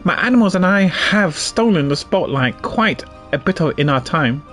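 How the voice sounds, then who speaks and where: A man's voice: high-pitched, expressive, normal speed, a bit bright, soft background music. A man voicing a bubbly, cutesy young woman animal tamer in a nasal, sing-song voice for game dialogue. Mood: perky.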